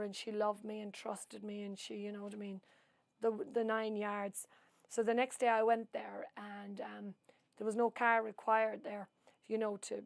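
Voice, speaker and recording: A woman's voice: mid-range voice, vocal fry, no echo. A woman from Ireland with an Irish accent, telling a rambling personal story for an oral history project, full of asides. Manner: long-winded storyteller who adds asides. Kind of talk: rambling spoken recollection.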